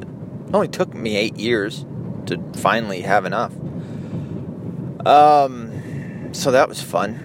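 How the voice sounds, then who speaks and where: A man in his thirties telling a casual vlog story about himself as a father, profane and rambling, often laughing as he talks. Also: on the low side. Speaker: vlogger, father of an eight-year-old. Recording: clear traffic and street noise.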